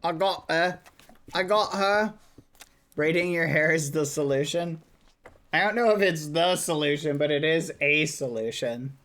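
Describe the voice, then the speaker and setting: A man's voice: fairly high pitch, measured pace, fairly bright tone. A man streaming casually, chatting to viewers while coaxing his dog. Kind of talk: casual livestream chat.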